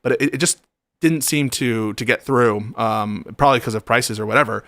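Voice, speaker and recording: A man's voice: medium pitch, moderate pace, fairly bright tone, dry recording. Earnest man hosting political talk.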